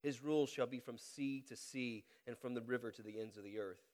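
A man with a head cold preaching a sermon, reading scripture aloud with a deliberately slowed cadence and praying. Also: mid-range voice, a little mellow, long reverb tail. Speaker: pastor. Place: church sanctuary.

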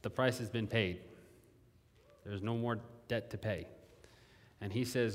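A man's voice: medium pitch, slow pace, pauses often. A man preaching a sermon in a conversational way, repeating phrases and asking his listeners questions. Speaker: pastor. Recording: long hall reverb.

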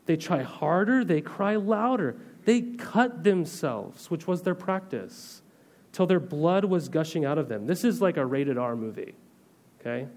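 A man's voice: on the high side, lively intonation, unhurried, darkish tone. A man pastor giving a conversational sermon, reading scripture and then explaining it in everyday terms with frequent rhetorical questions. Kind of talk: sermon teaching.

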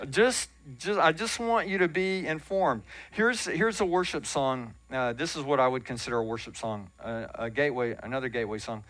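Earnest pastor preaching. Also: male voice, on the high side, lively intonation, brisk, hardly any pauses, a bit bright, dry recording. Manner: conversational and earnest, with self-deprecating asides. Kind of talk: sermon teaching. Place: church sanctuary.

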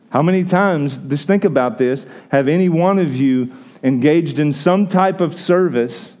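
Mellow-voiced man preaching a sermon. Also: a little high. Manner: conversational preaching with repeated restarts. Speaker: pastor.

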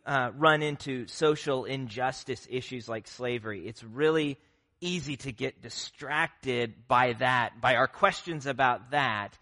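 Bright-voiced man preaching a sermon. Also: medium pitch. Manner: earnest, conversational preaching with fillers and restarts. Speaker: pastor.

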